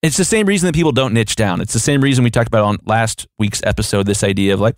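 A man's voice: on the low side, fast talker, few pauses, no echo, clean studio sound. A man co-hosting a podcast in casual chat, jokey and fond of acting out little voices. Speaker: podcast co-host.

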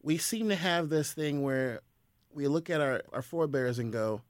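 A man, a guest telling animated stories in a casual podcast conversation. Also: fairly high pitch, moderate pace, dry recording, clean studio sound. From US South. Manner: animated storyteller.

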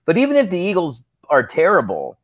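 A man who is a comedian guest on a podcast, musing in a wry, deadpan way with casual swearing. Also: high voice, a little fast, very noisy.

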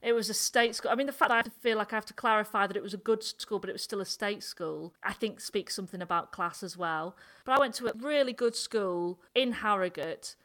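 A woman with a Northern English Yorkshire accent talks in a lively, casual discussion. She thinks aloud, speeds through asides and keeps an even, mid-range voice. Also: medium pitch, fairly quick, hardly any pauses. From North Yorkshire, England.

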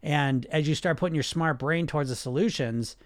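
A man's voice: fairly high pitch, a little fast, no room sound. A man hosting a weight-loss coaching show, talking energetically and straight to his listeners, often repeating himself. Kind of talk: casual live coaching talk.

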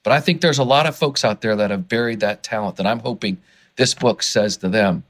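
A man, an author and guest on a podcast interview, who gets excited and worked up as he talks, often restarting his sentences. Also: fairly low pitch, brisk.

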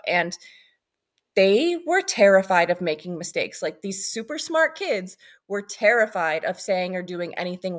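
A pregnant woman co-hosts a casual podcast, chatting and rambling, cursing freely and wandering off into asides. Her voice is medium in pitch and a bit bright.

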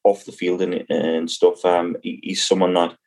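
A man's voice: low voice, little pitch movement, normal speed, a little mellow. A young man, a cricketer, chatting casually as podcast co-host in a laid-back way with lots of fillers. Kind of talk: casual chat.

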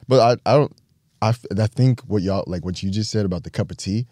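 Young american guy hosting a podcast, low mellow voice, laid back and slangy. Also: a little fast, dry recording, studio quality. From United States. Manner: relaxed, agreeable, slangy. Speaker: podcast host. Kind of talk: casual chat.

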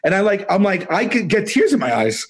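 Excitable man telling a long story. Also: high-pitched, a little fast, husky. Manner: rambling, animated, many restarts and laughs. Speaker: podcast guest. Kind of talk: casual storytelling.

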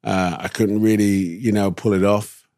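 A man with a London English accent, a guest telling relaxed anecdotes in an interview with slangy asides. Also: fairly low pitch, moderate pace, no room sound, clean studio sound. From England. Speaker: actor guest. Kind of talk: casual interview storytelling.

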